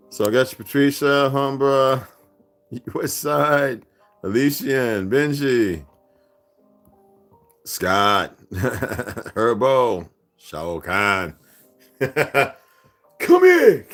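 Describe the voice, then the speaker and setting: A man's voice: deep voice, a bit bright. A man hosting a casual livestream, rambling and profane, laughing often as he talks. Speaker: livestream host.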